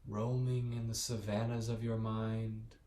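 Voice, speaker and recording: A man guides a yoga and meditation class in a slow, soothing, gently encouraging way. His voice is mellow and dark, with a level, unvaried lilt. The sound rings in a roomy, echoey space. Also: on the low side, flat delivery. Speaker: yoga teacher. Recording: echoey room.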